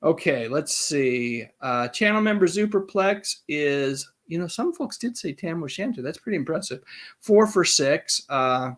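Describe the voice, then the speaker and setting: A man hosting a live-stream trivia quiz, chatty and reading out the answer choices slowly. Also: a little high, expressive, fairly bright tone. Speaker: host.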